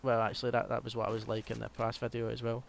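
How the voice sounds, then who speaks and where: A man's voice: medium pitch, completely flat delivery, fast, vocal fry, slight background noise. A young man with a Scottish accent giving casual, rambling gameplay commentary, full of ums and hesitations. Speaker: gaming commentator.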